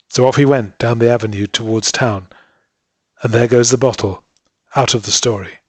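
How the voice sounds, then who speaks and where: A man reads a story aloud in a steady, measured voice. His pitch sits in the middle of the male range. The recording is dry and close, with no room sound. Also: breathy edge, no echo. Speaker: audiobook reader. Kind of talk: scripted narration.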